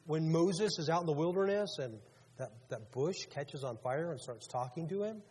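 A man's voice: fairly high pitch, lively intonation, moderate pace, a little mellow, breathy edge. A male pastor preaching a sermon in a conversational way, asking his congregation questions as he goes. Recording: long reverb of a large hall.

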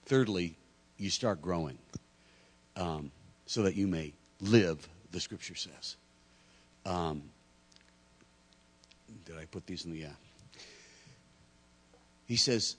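Low voiced middle aged pastor man, animated sermon storytelling, stumbles on words, jokes at himself. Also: slow pace, pauses often, breathy edge. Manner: animated storytelling, acting out dialogue; self-deprecating humor, stammers.

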